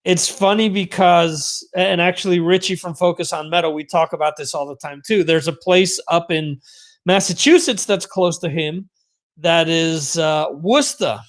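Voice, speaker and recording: A man's voice: fairly high pitch, fairly even intonation, moderate pace. A middle-aged man hosting a podcast in a rambling, self-mocking casual chat. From United States. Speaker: podcast host.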